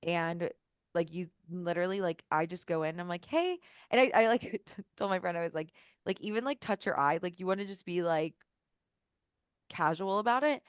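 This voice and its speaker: A woman's voice: fairly low pitch, a little fast, smooth, dry recording, studio quality. Chatty woman coaching on a video call. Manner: casual, filler-heavy, acts out sample messages. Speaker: business coach. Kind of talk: live online coaching call.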